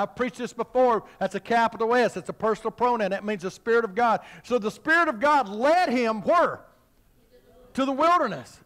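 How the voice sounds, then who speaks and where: A middle-aged preacher man with a strikingly high voice, delivering a revival-style sermon in a church. He swells into fervent, near-shouted exhortation and chuckles between his lines. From western Kentucky, USA. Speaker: pastor. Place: church sanctuary.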